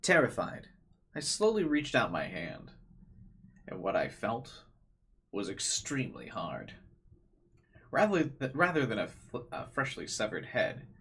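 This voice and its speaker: A man's voice: medium pitch, wildly swooping pitch, a little slow, pauses often, a bit bright, husky, full character voice. Man reading as a frightened teenage boy. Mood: grim. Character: frightened teenage boy narrating his ordeal.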